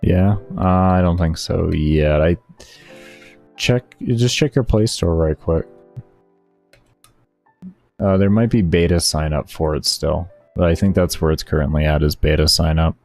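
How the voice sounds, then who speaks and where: A man's voice: sits low, a little slow, long pauses, a little mellow. A male streamer in laid-back, slangy casual chat, talking to his viewers. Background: faint background music.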